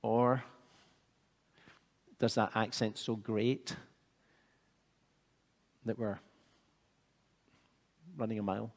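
A man preaching a sermon, measured and earnest, building to fervent emphasis. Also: lowish voice, little pitch movement, a little mellow, long reverb tail.

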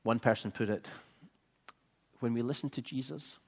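A man preaching a sermon, measured and earnest, building to fervent emphasis. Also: mid-range voice, vocal fry, darkish tone, breathy edge, big-room sound.

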